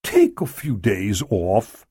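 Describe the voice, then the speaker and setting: A man voicing a brisk, businesslike male nightclub owner who speaks in curt, clipped lines. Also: lowish voice, sing-song, dark tone, breathy edge, dry recording, studio quality, heavily acted. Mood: questioning.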